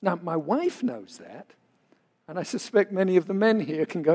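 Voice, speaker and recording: Man, 60s, pastor, earnest conversational sermon, high voice, long hall reverb. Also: sing-song, normal speed, darkish tone, husky. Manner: earnest, conversational preaching with personal stories.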